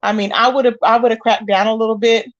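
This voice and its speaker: Woman host for a casual gossip livestream, a little high-voiced, talkative, talks right to the chat. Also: fairly even intonation, a little fast, lo-fi sound. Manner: chatty, addresses viewers directly, exclaims often. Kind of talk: casual live-chat commentary.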